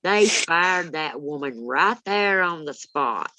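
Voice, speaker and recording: Woman, fifties, blunt salty storyteller, low voice, dry dull sound. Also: slow, a little hiss or hum. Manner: blunt, salty, animated retelling. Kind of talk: casual storytelling chat.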